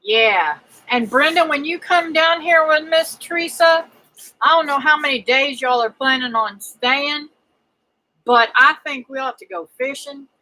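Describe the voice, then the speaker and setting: A chatty woman hosts a casual livestream, reading out comments and greeting viewers by name. Her voice sits a little high and rings bright and clear. She fills the pauses with plenty of ums and uhs. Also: rough recording. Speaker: homesteading livestream host.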